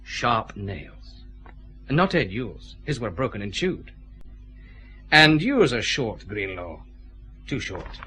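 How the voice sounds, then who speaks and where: An actor with a Scottish accent playing a methodical, confident detective chief inspector pressing suspects in a radio drama. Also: male voice, on the low side, big pitch swings, takes it slowly, long pauses, sharp tone, slight background noise, heavily acted.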